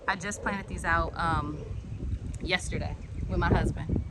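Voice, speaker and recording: A woman giving a casual walk-and-talk tour of her backyard garden. She talks in an excitable, chatty way and drifts off topic easily. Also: fairly low pitch, unhurried. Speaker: home gardener and channel host. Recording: outdoor noise with birds and passing traffic.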